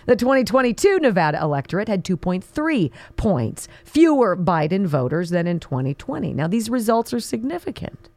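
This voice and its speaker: A woman's voice: medium pitch, big pitch swings, moderate pace, hardly any pauses, darkish tone, no room sound. A woman hosting a talk radio show, talking in a fiery, indignant, sarcastic way as she reads listener notes and news. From Pennsylvania, US. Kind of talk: political talk radio monologue.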